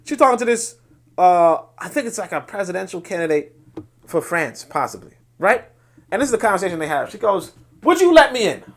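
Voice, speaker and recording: High, lively male host lecturing. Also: a little fast. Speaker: podcast host. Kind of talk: solo commentary on social media posts.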